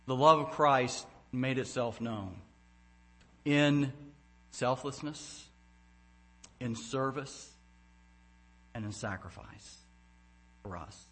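Bright-voiced pastor giving a devotional. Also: male voice, mid-range voice, takes it slowly, long pauses. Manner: earnest, rising to emphatic when quoting scripture. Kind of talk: devotional talk to a congregation.

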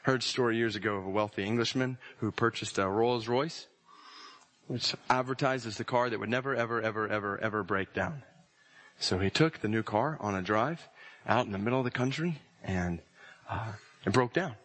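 A man preaching a sermon, telling stories and citing scripture, slowing and rising to intense emphasis on key phrases. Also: fairly low pitch, fairly bright tone. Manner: illustrates with stories and scripture references.

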